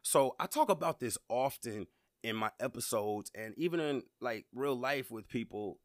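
Lively man, podcast host. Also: medium pitch, moderate pace, dry recording, clean studio sound. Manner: conversational, emphatic, repeats words when worked up. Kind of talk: casual motivational monologue.

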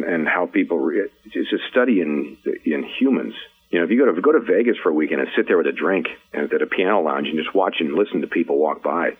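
Deep-voiced man on a tinny phone line. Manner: rambling, restarts often, swears casually. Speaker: voice actor guest. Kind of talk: podcast interview.

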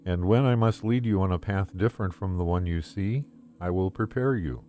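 A man reading a devotional text aloud in the first person, in a calm, gentle and measured way. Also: low-pitched, soft background music. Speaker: devotional reader.

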